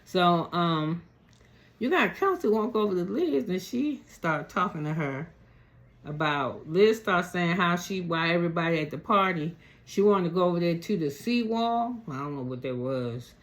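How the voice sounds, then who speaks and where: A man's voice: high-pitched, lively intonation, normal speed, a bit bright. A man casually recapping a reality show, retelling the drama in profane, slangy gossip.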